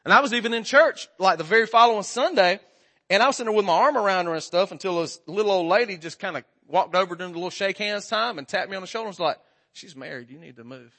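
A man's voice: high-pitched, very fast, a bit bright. A man, preaching a casual sermon as a guest and joking with the congregation. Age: 40s. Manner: folksy, joking, talks straight to the congregation.

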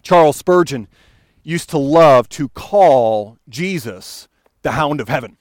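A man's voice: on the high side, expressive, slow, a little mellow, no echo. A man preaching a sermon in an earnest, pastoral way, building to fervent emphasis as he quotes. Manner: earnest, rising to fervent emphasis when quoting.

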